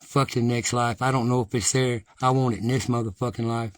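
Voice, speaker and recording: A man's voice: mid-range voice, fairly even intonation, brisk, no echo. A middle-aged man giving an impassioned, defiant monologue to his viewers, blunt and heavily profane. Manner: rises to agitated, loud ranting.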